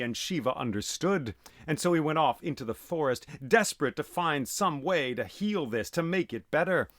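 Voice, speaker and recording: A man telling an old myth aloud as host, dramatic and animated, voicing sound effects as he goes. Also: medium pitch, normal speed, no room sound, studio quality. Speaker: storyteller and podcast host. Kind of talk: oral storytelling of myth.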